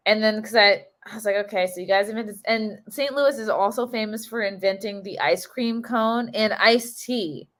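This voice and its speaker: A chatty woman comic hosts a live stream. She tells loose stories from the road with jokes and asides, in a mid-range voice of ordinary pitch. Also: normal speed, few pauses, a bit bright. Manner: storytelling, joking, chatty. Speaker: host and stand-up comedian. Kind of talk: casual livestream chat.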